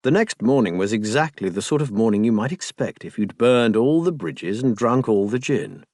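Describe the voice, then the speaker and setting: A man narrating an audiobook in an expressive, measured storytelling manner. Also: lowish voice, dry recording, studio quality. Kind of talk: scripted narration.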